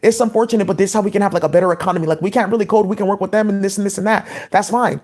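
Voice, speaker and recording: A woman's voice: mid-range voice, steady tone, very fast, darkish tone. A woman talking in a rambling, scattered monologue as a vlogger, with many "like" fillers.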